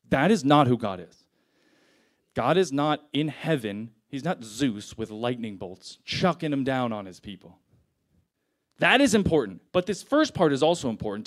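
A young man preaching a sermon in a casual, conversational way, retelling scripture in everyday slang. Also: mid-range voice.

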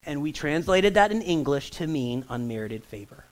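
A man, a pastor with a slightly higher voice preaching in a church sanctuary over a stage microphone. He keeps it loose and conversational, cracking jokes and checking that the congregation is following. It sounds more like easy talk from the pulpit than a formal address. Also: sing-song, moderate pace, poor audio. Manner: jokey, conversational preaching with lots of audience check-ins. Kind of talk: sermon.

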